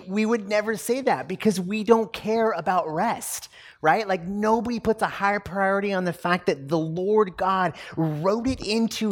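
A man in his thirties preaching a sermon in a loose, conversational way, with lots of fillers and lively storytelling. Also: high voice. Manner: conversational and animated, many fillers. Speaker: pastor.

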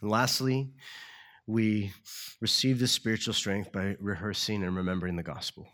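A man preaching a sermon as pastor, earnest and slowing down to stress key words. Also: on the low side, steady tone, fairly bright tone. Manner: earnest, slows down for emphasis.

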